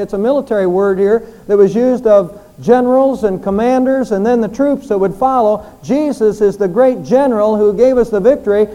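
A man preaching a sermon, explaining and repeating phrases for emphasis and slowly drawing out the key lines. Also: very high-pitched, warm tone, low-quality recording.

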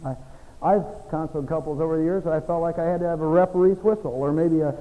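A middle-aged man delivers a sermon in a fairly high, soft and dark-toned voice. He moves between quiet, confiding stretches and forceful exhortation, dropping in folksy, self-mocking asides. His words ring out with a long reverb from a church sanctuary. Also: steady tone, quick pace. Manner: preaching with swings from soft to emphatic. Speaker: pastor.

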